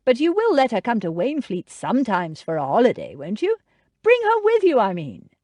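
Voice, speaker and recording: A woman voicing a tender young gentleman, earnest and gentle with the people he loves. The reading swings lively up and down in pitch, recorded close and dry with no room sound. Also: normal speed, no room sound. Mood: reassuring. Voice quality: deep voice. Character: young nobleman, warm and earnest.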